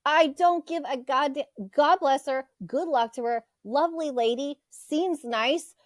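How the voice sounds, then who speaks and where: Woman in her forties, high voice, blunt profane rants, dry close sound. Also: a little slow, no room sound. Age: 40s. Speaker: co-host. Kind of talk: casual podcast chat.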